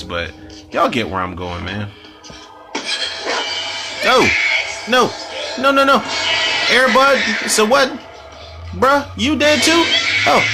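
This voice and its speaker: A man hosting a casual, profane watch-along commentary, riffing loosely on the film as it plays. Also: fairly low pitch. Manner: profane, animated, riffs on the film. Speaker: movie commentary host. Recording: film soundtrack playing behind.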